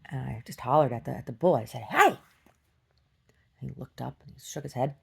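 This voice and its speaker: Very low, gravelly-voiced woman rambling. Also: steady tone. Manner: halting, full of restarts and "like", shouts when acting out quotes. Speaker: video diarist. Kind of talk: rambling casual storytelling.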